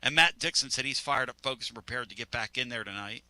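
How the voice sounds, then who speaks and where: A man's voice: mid-range voice, fast talker, bright, forceful tone, no room sound. A man hosting sports talk radio in a studio, rambling and joking.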